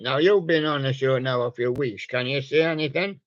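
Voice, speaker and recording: A man hosting a home online radio show, chatting casually and showing soft toys in a rambling, jokey way full of puns. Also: mid-range voice, normal speed, no room sound, muffled recording.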